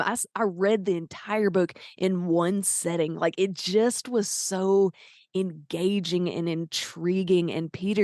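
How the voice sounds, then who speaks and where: A woman's voice: fairly low pitch, a little mellow, no room sound, clean studio sound. A woman with a Southern American accent, hosting an interview podcast in a gushing, enthusiastic way. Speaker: podcast host. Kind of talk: casual interview chat.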